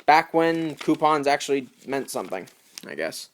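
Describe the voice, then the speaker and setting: A young man from New York talks through a collection in a casual, chatty way. His voice sits a bit high and swings widely in pitch. He tosses in jokey asides as he goes. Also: very animated, moderate pace. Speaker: video collector host. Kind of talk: casual unboxing commentary.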